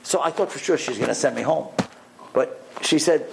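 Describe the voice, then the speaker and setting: Gravelly-voiced rabbi telling animated stories. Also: male voice, fairly high pitch, normal speed, background noise. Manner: animated storyteller who acts out dialogue. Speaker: rabbi and mohel. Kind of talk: storytelling talk.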